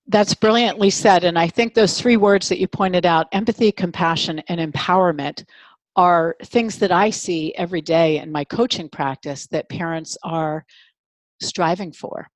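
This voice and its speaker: A woman's voice: on the low side, no echo. Woman podcast host and parenting coach, affirming and encouraging, close dry recording. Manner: affirming, encouraging responses to the guest. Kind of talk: warm affirming interview conversation.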